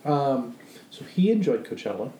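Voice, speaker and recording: A man's voice: mid-range voice, very animated, moderate pace, dark tone, reverberant, a little hiss or hum, poor audio. A man co-hosting a podcast, talking bluntly and swearing freely in casual chat. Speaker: podcast co-host.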